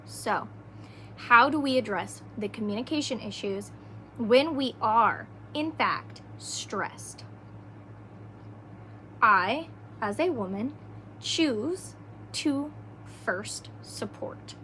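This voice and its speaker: A woman hosting a podcast who talks through her advice in a slow, deliberate, earnest way, often checking in with "right?". Her voice sits a little high. A faint hum runs under the recording. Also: animated, a bit bright. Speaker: podcast host. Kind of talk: casual solo podcast talk.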